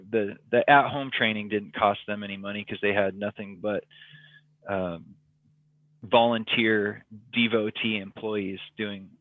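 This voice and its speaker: A man's voice: on the low side, no echo. A man, a podcast guest telling a personal story in casual, rambling talk full of ums and likes. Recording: tinny phone-like line, dry.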